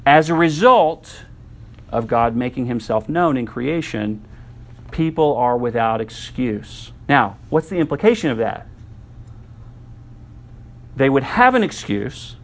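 A man preaching a sermon in a conversational teaching style, often checking in with the listeners with quick asides. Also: medium pitch, lively intonation. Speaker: pastor.

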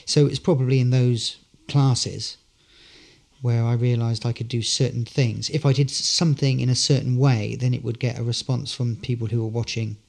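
Male actor, guest; chatty, rambling storyteller, average pitch. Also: fairly even intonation, moderate pace, gravelly, a little mellow. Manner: good-humoured, rambling storyteller. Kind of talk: casual interview anecdotes.

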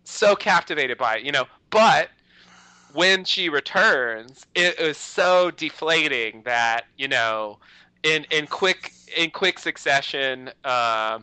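A man's voice: on the high side, expressive, slow pace, sharp tone, smooth, no echo, poor audio. A man co-hosting a podcast in casual chat, rambling and peppering his talk with "you know" and restarts. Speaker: podcast host.

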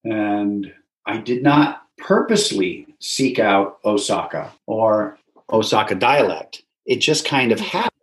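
An American man, an interview guest, telling stories in a lively, casual way. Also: lowish voice. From United States. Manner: animated storyteller who acts out voices. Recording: roomy echo.

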